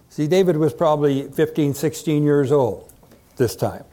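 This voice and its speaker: A man's voice: on the high side, normal speed, dark tone. A man preaching a sermon, retelling a Bible story with dramatic quoted lines and joking asides.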